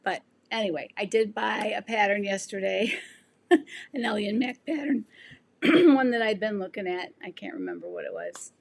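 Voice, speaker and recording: Gravelly, medium in pitch and very animated, this sixties-aged woman keeps a moderate pace even as her voice gives out. Hosting a laid-back sewing livestream, she reads viewer comments in a rambling way, with lots of ums and restarts.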